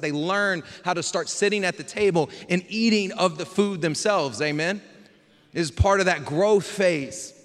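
A man's voice: a little high, a bit bright, big-room sound. A man preaching a casual, joking sermon as pastor and calling on the crowd for amens. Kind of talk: lively sermon.

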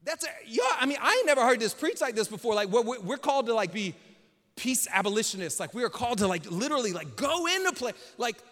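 Pastor, male, high voice, relaxed jokey sermon that ramps into fervent preaching; long church-hall reverb. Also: fast. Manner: joking, slangy, builds to emphatic preaching. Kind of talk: casual conversational sermon. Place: church sanctuary.

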